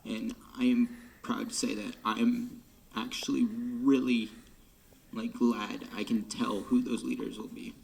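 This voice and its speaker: Young man, late teens, gravelly voice, emotional, half-whispering drum major farewell. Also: medium pitch, flat delivery, unhurried, a little hiss or hum. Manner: choked up, often dropping to a whisper, sighing. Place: band room.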